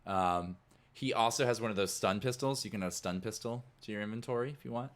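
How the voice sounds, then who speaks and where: A man's voice: on the low side, fast, fairly bright tone. A man narrating as game master of a tabletop game, telling the scene in a loose, rambling way. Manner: loose, rambling storytelling full of "like".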